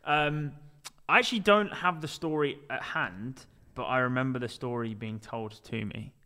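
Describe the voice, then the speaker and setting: A man's voice: mid-range voice, normal speed, bright, forceful tone, smooth. A man co-hosting a casual football podcast, laughing often and telling stories with energy. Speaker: podcast co-host.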